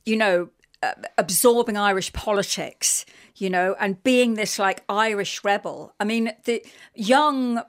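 Earnest woman, emotional run-on talk. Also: medium pitch. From London. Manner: earnest, emotional, talks in rushing run-on sentences with many "like" and "you know". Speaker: guest, writer. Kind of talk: radio interview conversation.

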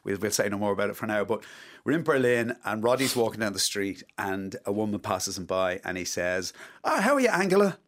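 A man with a fairly low voice tells stories about a friend. He is animated and enthusiastic throughout. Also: a little fast, hardly any pauses. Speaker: guest, co-author. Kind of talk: casual anecdote telling.

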